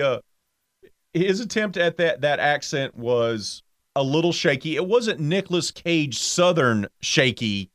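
A middle-aged man co-hosting a casual sports talk show, ranting with animated jumps up in pitch for emphasis. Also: a little slow, no echo, clean studio sound. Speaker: co-host.

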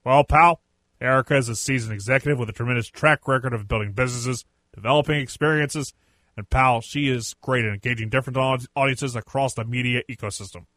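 A man doing a gravelly, pompous impression of an older male wrestling company boss. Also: medium pitch, fairly quick, a bit bright, no echo, pitched below the performer's own voice, close to an everyday voice. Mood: mock-pompous.

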